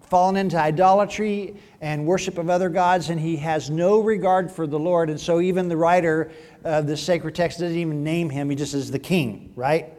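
A man's voice: on the high side, steady tone, normal speed, darkish tone. A male pastor preaching a sermon in a conversational way, with joking asides to the congregation. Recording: long hall reverb.

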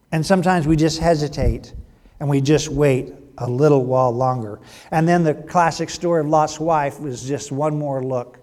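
A man's voice: a little high, steady tone, normal speed, darkish tone. A middle-aged man, a pastor, delivering a sermon with emphatic swells and drops in volume. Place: church sanctuary. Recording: long hall reverb.

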